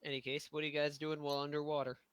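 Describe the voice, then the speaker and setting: A man as game master of a tabletop game, giving even, matter-of-fact rulings with pauses. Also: fairly high pitch, smooth, dry recording, poor audio.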